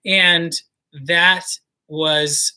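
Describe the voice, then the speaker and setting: Young male co-host, bright voice, chatty and enthusiastic. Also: fairly high pitch, little pitch movement, clear, resonant tone. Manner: chatty, enthusiastic, quick asides. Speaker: co-host of a singing channel. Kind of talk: casual livestream chat.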